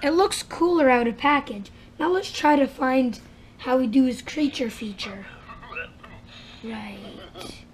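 A woman hosting a casual toy unboxing, chatty and excited as she narrates each step aloud. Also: high voice, normal speed, slight background noise. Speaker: unboxing channel host.

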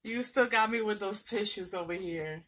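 A woman's voice: mid-range voice, moderate pace, slight background noise. A woman vlogger gushing and exclaiming as she unboxes a craft parcel from a friend. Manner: gushing, excitable, talks to friend directly. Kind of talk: casual unboxing chat.

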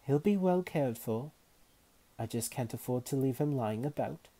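A man reading aloud and voicing an imperious, scheming woman wizard who speaks with haughty calm. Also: mid-range voice, moderate pace, pitched above the performer's own voice. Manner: haughty and calmly menacing.

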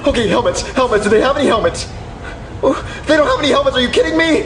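A man's voice: very high voice, animated, fast, over loud music. A man voicing a flustered, panicky father who stammers constantly, in a puppet comedy skit. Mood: exasperated.

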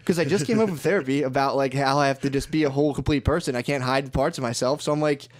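A man's voice: medium pitch, quick pace. A man co-hosting a podcast, telling rambling, profane stories in casual chat and laughing often. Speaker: podcast co-host.

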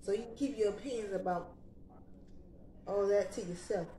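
A woman's voice: medium pitch, moderate pace, warm tone. Sassy young woman chatting in an echoey room. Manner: sassy, conversational, slangy. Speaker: vlogger. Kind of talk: casual chat to camera.

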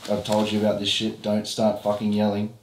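Low-voiced sneering man. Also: completely flat delivery, brisk. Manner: sneering, mocking, swearing. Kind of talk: heated argument, documentary footage. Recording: roomy room echo.

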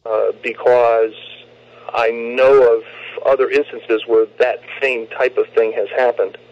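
A man's voice: medium pitch, little pitch movement, slow. A man talking politics on a radio show, emphatic and often repeating words as he restarts. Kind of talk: political talk radio discussion. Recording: muffled lo-fi radio recording.

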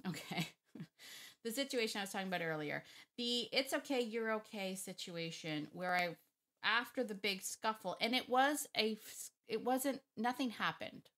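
A woman, a dog trainer talking casually to camera, chatty and quick to correct herself mid-sentence. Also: mid-range voice, fairly bright tone. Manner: chatty, restarts and self-corrections, laughs often.

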